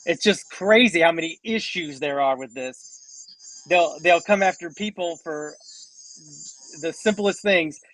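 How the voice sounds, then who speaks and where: A man's voice: a little high, unhurried, fairly bright tone, poor audio. A man co-hosting a casual podcast, rambling with many restarts and fillers. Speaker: co-host.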